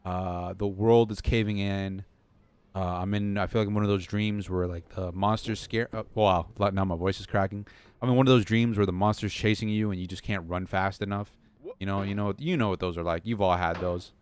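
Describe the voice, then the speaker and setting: A man's voice: low-pitched, fairly even intonation, fairly quick, clean tone, no echo. Rambling young man streaming from his desk. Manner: rambling, self-deprecating, talks to chat. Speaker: game streamer. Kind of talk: rambling live-stream chat. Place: home desk.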